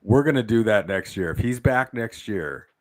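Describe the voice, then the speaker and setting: A man co-hosting a casual livestream chat, talking with lively enthusiasm. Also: fairly low pitch, moderate pace, no echo. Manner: animated, enthusiastic. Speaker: co-host.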